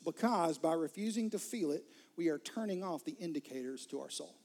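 A man's voice: on the high side, animated, a little fast, darkish tone. A man preaching a sermon as pastor, earnest, repeating words and sometimes dropping to a near whisper.

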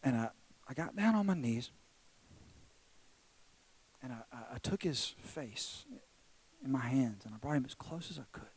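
A man in his thirties preaching a sermon in a church service, telling a personal story that swings from excited to hushed and tender. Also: medium pitch, measured pace, pauses often, slightly rough, poor audio. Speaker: pastor.

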